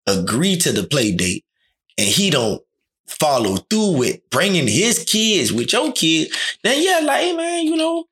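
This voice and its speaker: A man's voice: a little high, wildly swooping pitch, measured pace, a bit bright. A man talking in a casual, slangy chat, often acting out quoted dialogue.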